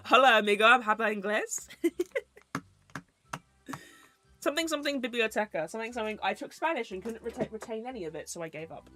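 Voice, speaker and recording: A woman's voice: fairly high pitch, lively intonation, fast talker, soft background music. A young woman streamer who chats casually and rambles, with easy swearing. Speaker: VTuber streamer.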